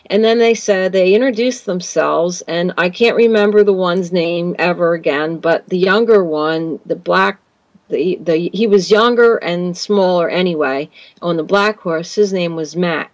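A woman's voice: on the low side, normal speed, dry recording, dull audio. A woman guest on a radio interview, telling a long personal story in a rambling way, often saying "you know" and "like". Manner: rambling, repeats words, says "you know" and "like".

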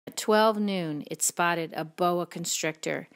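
A woman reading a picture book aloud in a slow, expressive storytelling way. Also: lowish voice. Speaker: reader.

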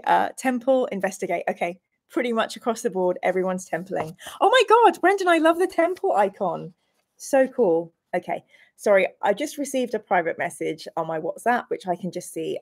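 A medium-pitched woman runs a gamebook playthrough live, narrating the room descriptions and talking with her audience. Bubbly and quick to poke fun at herself, she now and then bursts into excited squeals.

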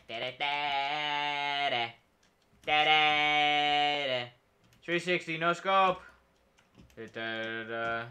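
A man's voice: fairly high pitch, pushed and bright. A man streaming a video game, talking casually and joking in a rambling, mock-patriotic way. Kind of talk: casual gameplay commentary.

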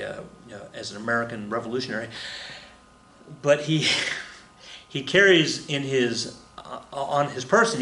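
A man teaches a history lesson in a casual, rambling recorded lecture, using a medium-pitched, fairly bright voice with a slight hiss or hum on the recording. He fills it with fillers, restarts and chuckles. The room he's in has a flag on the wall and sounds echoey.

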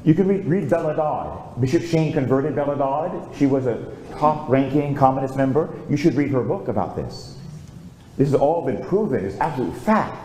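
A priest giving a homily, telling a story with lively, conversational preaching and calling out for amens, in a church. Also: male voice, medium pitch, moderate pace, slight background noise. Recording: echoey church.

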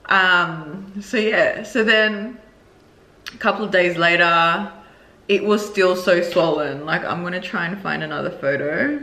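A woman vlogger tells a story time to camera in a crisp, bright voice. She talks frankly and expressively, straight to her viewers. The sound is echoey, as if she were recording in a bare room. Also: lowish voice, unhurried. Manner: candid and expressive, addresses viewers directly. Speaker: beauty vlogger.

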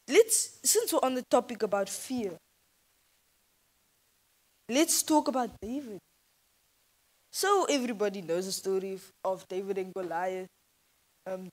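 A woman's voice: mid-range voice, darkish tone, low-quality recording. A woman gives an informal, earnest sermon as a youth speaker in church, talking conversationally and hesitantly.

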